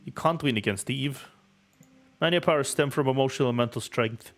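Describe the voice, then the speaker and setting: A man streaming a game, reading its story aloud in steady narration with offhand asides. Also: medium pitch, brisk.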